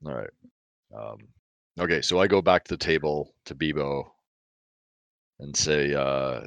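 A man's voice: rumbling low, a little slow, vocal fry, pauses often, a bit bright, no room sound. A man playing a barbarian in a tabletop game, talking casually with rambling hesitation and frequent laughs. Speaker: player. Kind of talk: casual tabletop role-play.

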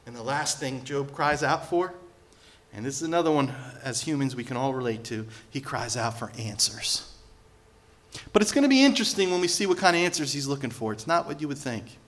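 A male pastor delivering a sermon, lively and sarcastic, acting out the people he quotes. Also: mid-range voice, brisk. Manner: animated, sarcastic asides, acts out quoted voices.

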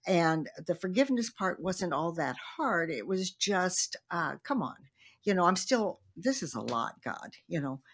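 Husky, earnest woman telling a testimony. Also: fairly low pitch. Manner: earnest storytelling with quoted prayers. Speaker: guest, minister. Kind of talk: testimony in a faith interview.

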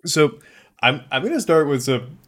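A man's voice: fairly high pitch, big pitch swings, moderate pace, fairly bright tone. A man co-hosting a podcast in casual chat, rambling with restarts and easy laughter. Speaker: podcast co-host.

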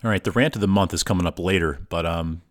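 A man's voice: sits low, fast. A man hosting a podcast in a laid-back, friendly way. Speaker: podcast host.

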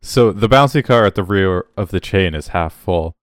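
A man's voice: low voice, expressive, normal speed, dry recording, studio quality. A man co-hosting a podcast, casually recapping an episode with rambling jokes and laughter. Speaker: podcast co-host.

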